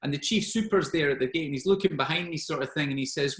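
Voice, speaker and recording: Man, forties, fairly high voice, animated storyteller, echoey room. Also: fast. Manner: animated, acts out dialogue in his anecdotes. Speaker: guest speaker, former special forces soldier. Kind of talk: anecdotal storytelling at an online networking event.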